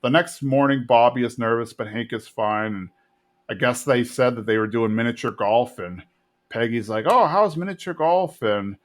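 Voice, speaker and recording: A man from Texas casually recapping a cartoon episode on a podcast, slipping into quick voices for the characters. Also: mid-range voice, fairly even intonation. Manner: retells plot with quick put-on character voices. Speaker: podcast co-host.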